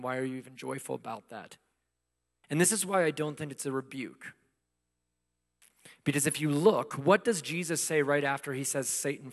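A man preaching a sermon in a conversational way, asking rhetorical questions and swinging between loud emphasis and hushed asides. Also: a little high. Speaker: pastor. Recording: long hall reverb.

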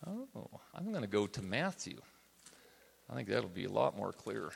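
A man's voice: fairly low pitch, big pitch swings, moderate pace, vocal fry, fairly bright tone. A man teaching a Bible study class in a conversational way, often checking in with his listeners. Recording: reverberant hall.

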